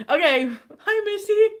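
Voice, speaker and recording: A woman chatting casually on a livestream, tired and giddy, greeting viewers with bubbly squeals. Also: very high-pitched. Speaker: livestream host.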